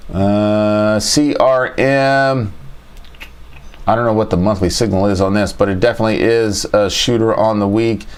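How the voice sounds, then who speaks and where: Low-voiced man thinking aloud. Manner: thinks aloud, repeats phrases, talks to chat. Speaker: trading show host. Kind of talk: casual livestream chart review.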